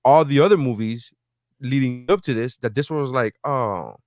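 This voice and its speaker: A man co-hosting a podcast in casual chat, ranting and swearing in an animated way. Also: medium pitch, normal speed, no room sound. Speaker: podcast co-host.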